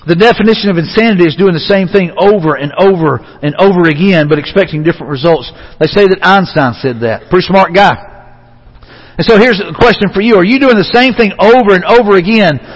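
A man's voice: sits high, a little fast, in a large hall, low-quality recording. A middle-aged man preaching a sermon as pastor, talking in a conversational way, asking the audience questions and repeating his words.

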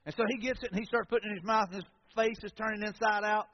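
A man's voice: high-pitched, steady tone, racing, slight background noise. A man preaching a sermon to a congregation in a church sanctuary, in a folksy, conversational style with storytelling asides. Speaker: pastor. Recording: echoey hall, dull lo-fi sound.

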